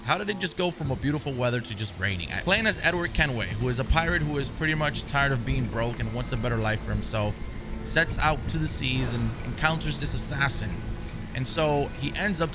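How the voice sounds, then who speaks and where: A man's voice: mid-range voice, background noise. A man giving casual, chatty commentary over a game, often repeating his words as he goes. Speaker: gaming commentator. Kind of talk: casual let's-play commentary.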